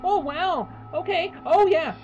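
Brief: comedic parody reviewer, woman, very high pitch, exclamatory fan rant, faint music behind. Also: animated, slow pace, muffled recording. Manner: gushing then outraged, exclamatory fan ranting. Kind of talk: comedic reaction rant to a trailer.

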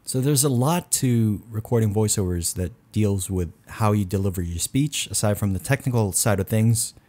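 Guy doing a tech tutorial voiceover, lowish voice, close condenser mic, quiet room. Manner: low, deliberate announcer-style delivery. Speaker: YouTube tech reviewer. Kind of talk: tutorial voice-over.

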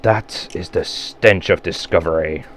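A man's voice: low-pitched, a little slow, heavy background noise. A man giving rambling let's play commentary, swearing and mocking himself as he plays at home. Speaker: gamer.

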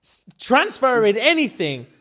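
High-voiced man reacting. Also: wildly swooping pitch, bright, forceful tone. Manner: quick exclamatory reactions. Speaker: podcast co-host. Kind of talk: casual podcast chat.

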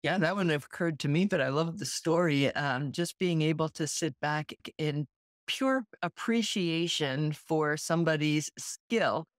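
A woman co-host muses earnestly on a podcast, thinking aloud in an unhurried way. Her voice sits a little low. The sound is close and dry. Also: no room sound. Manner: reflective and earnest, with soft laughs. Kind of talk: casual chat.

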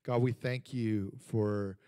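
A man, the church's pastor, introducing a guest speaker and then leading an earnest spoken prayer, halting and full of fillers. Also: fairly low pitch, fairly even intonation, dark tone, smooth, studio quality. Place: church sanctuary. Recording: long church hall reverb.

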